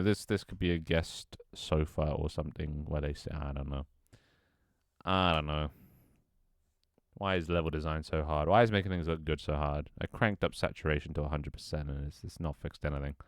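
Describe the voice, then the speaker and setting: A man's voice: extremely low pitch, normal speed, a bit bright, clean tone, dry recording, clean studio sound. A man thinking aloud on a livestream as he builds a game level, muttering to himself, swearing often, joking with his chat, and his voice cracks now and then. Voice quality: voice cracks at times.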